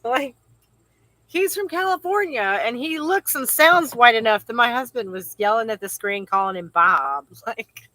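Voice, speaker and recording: A woman's voice: fairly high pitch, pushed and bright, no room sound, poor audio. A woman hosting a podcast in a casual, chatty way, laughing often and trailing into filler phrases. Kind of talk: casual chat.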